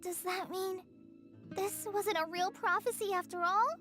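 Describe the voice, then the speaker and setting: A woman voicing a tiny, excitable, childlike female companion in a video game, high and indignant in tone. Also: measured pace. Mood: puzzled. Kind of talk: game voice acting. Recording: game audio with music behind.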